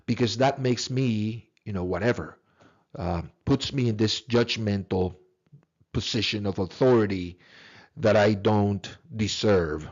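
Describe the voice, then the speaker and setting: A man's voice: fairly low pitch, a little slow, a little mellow. Emphatic man lecturing, dull recording. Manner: earnest, emphatic, with rhetorical questions and repeated words.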